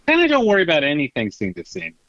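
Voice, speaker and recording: A man co-hosting a film podcast, making dry deadpan quips in casual chat. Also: on the high side, very fast, no echo, muffled recording. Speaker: podcast co-host.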